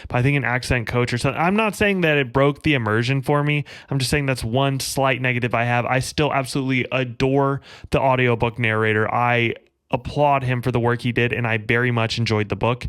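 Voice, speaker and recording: Smooth-voiced man reviewing books. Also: mid-range voice, steady tone, fairly bright tone, no room sound. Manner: enthusiastic, earnest, speeds up and slows down while talking. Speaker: book reviewer. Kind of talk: casual video book review.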